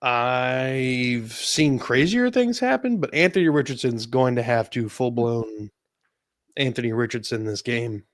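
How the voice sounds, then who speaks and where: A man co-hosting a casual sports podcast, running through football injury news with a relaxed tone and easy laughs. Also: mid-range voice, unhurried, no echo, clean studio sound. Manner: relaxed, laughs often, stats-heavy rundown. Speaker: podcast co-host.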